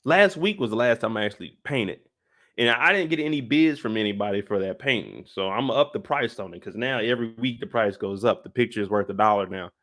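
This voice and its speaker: A man hosting a live stream, giving casual, jokey commentary on a TV episode and getting animated and high-pitched when excited. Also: fairly quick.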